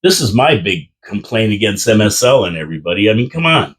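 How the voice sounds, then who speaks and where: A man's voice: on the low side, very animated, fairly quick. A man hosting a casual sports podcast, who reads out viewer comments in an easygoing, agreeable way. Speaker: podcast host reading comments.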